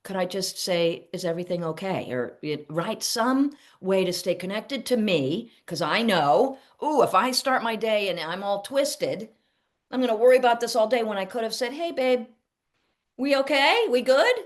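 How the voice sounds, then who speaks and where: A middle-aged woman therapist teaching casually to camera, animated, acting out little quoted exchanges and laughing at herself. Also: mid-range voice, normal speed.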